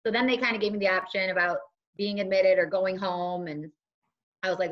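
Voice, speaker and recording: Talking a little fast in a medium-pitched voice, a woman appearing as a guest on a chat show recounts her personal story casually, animatedly voicing other people's lines. The recording is dull and lo-fi.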